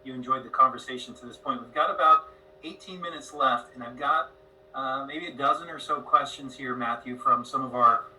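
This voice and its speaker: A man's voice: mid-range voice, fairly quick, recorded from a distance, rough recording. A male host running an online Q&A, chatty and upbeat. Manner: upbeat, chatty, quotes others in a loud voice. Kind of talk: hosting an online Q&A.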